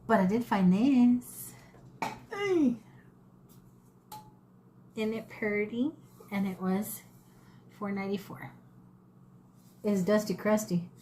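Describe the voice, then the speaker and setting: A woman's voice: mid-range voice, takes it slowly, long pauses, warm tone, a little hiss or hum. A woman, chatting casually and rambling in a folksy way as she shows off her thrift finds. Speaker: thrift haul vlogger. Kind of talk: casual chat to camera.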